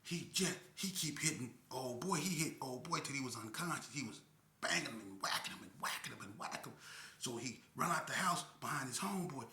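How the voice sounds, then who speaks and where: A man telling a crime story in a casual, animated way, adding sound effects and slang. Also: medium pitch, a little fast. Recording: echoey room.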